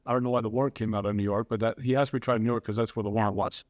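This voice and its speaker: A podcast host with a fairly low, slightly mellow voice talks rapid-fire with fairly even intonation. His casual political chat is earnest and strongly opinionated, and he shifts to Spanish for interviews.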